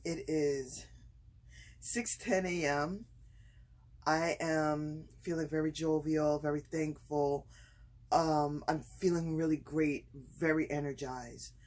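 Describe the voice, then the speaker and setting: A woman telling a personal story in a casual vlog from home. She talks hesitantly with many fillers and pauses, and gets excited and laughs as the story builds. Her throat is slightly itchy from screaming. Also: sits low. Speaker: vlogger.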